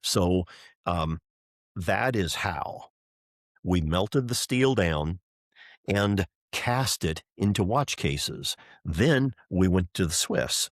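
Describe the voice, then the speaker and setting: A man's voice: sits low, animated, extremely slow, no room sound, studio quality. A middle-aged man, a race driver and entrepreneur, telling an enthusiastic story as a podcast guest, acting out the voices of people he quotes. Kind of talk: animated storytelling in a podcast interview.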